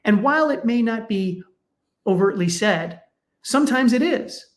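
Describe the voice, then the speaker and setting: Animated middle-aged man telling stories. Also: unhurried. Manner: animated, acts out quoted parents with raised pitch. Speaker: sports psychologist guest. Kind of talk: conversational storytelling.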